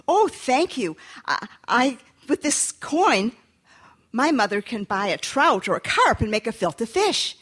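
Brief: woman voicing a sweet simpleton village boy, eager and stammering, pitched up, storybook tale. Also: big pitch swings, a little slow, fairly bright tone, breathy edge, exaggerated voice. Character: simple-minded good-natured young boy.

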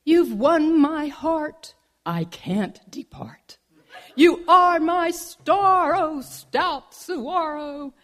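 A woman's voice: high-pitched, lively intonation, extremely slow, a bit bright, pitched above the performer's own voice, exaggerated voice. A woman voicing a lovesick male bobcat who recites clumsy love poems, in a told folk story. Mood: gushing. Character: lovesick boastful male bobcat, bad poet.

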